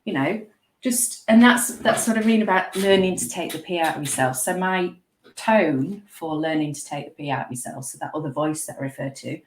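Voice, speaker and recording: A woman, a guest, chatting casually and telling stories with lively, self-mocking humour. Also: low voice, a little fast, reverberant, slight background noise. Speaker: guest speaker. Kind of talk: casual conversational chat.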